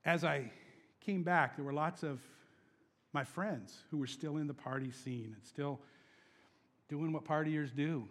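A young adult man preaching a sermon as pastor, animated, moving between hushed scripture reading and loud, laughing emphasis. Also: on the high side, measured pace, long pauses, big-room sound.

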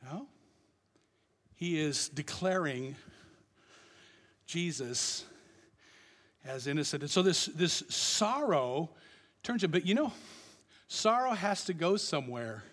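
A man preaching a passionate sermon as pastor, swinging between loud declarations and hushed, quiet lines. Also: fairly high pitch, expressive, slow pace, pauses often, long reverb tail.

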